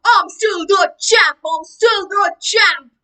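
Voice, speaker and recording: Tiny baby girl booming slow and loud, high and bright. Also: distant mic, exaggerated voice. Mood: triumphant.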